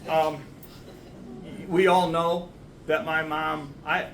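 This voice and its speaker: A man's voice: a little high, flat delivery, takes it slowly, roomy sound, far from the mic, crowd noise, poor audio. A man, the son of the deceased, speaking at a memorial service in a church, rambling and self-deprecating. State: getting emotional. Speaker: son giving a eulogy. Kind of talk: memorial speech. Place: church sanctuary.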